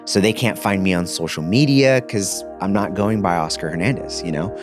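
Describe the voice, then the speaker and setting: Deep-voiced man telling his story. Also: normal speed, over music. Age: 30s. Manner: casual, animated retelling with slang like dude. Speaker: podcast guest. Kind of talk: personal testimony storytelling.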